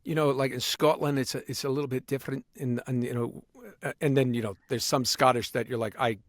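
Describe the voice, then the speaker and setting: A man, a voice actor, talking as a guest in a casual interview, animated and full of restarts, now and then sliding into accents. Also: medium pitch, fast, no room sound. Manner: animated, slips into accents and impressions, many restarts.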